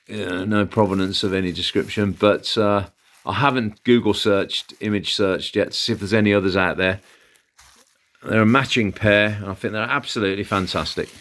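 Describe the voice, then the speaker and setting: A man's voice: low-pitched, a bit bright. A man who hosts a vlog and chats with enthusiasm as he shows off his antiques haul, with frequent fillers. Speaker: antiques seller and channel host. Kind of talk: casual haul vlog, showing items.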